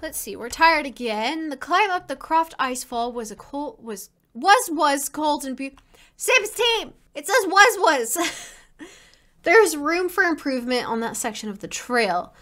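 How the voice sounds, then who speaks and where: A woman's voice: high voice, lively intonation, measured pace, pushed and bright. A woman hosting a casual let's play, commenting in a profane, exasperated, self-mocking way.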